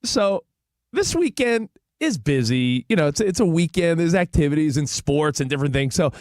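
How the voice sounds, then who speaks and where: A man's voice: fairly high pitch, moderate pace, no echo, studio quality. A middle-aged man co-hosting a sports radio show, chatting casually and acting out quotes as he tells a story. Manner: animated storyteller, acts out quotes. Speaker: co-host.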